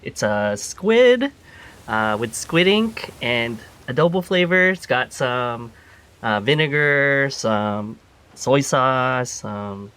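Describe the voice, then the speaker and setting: A man's voice: medium pitch, lively intonation, slow, fairly bright tone, clean tone. A man voicing a chatty, generous male warrior cook who talks eagerly with many fillers.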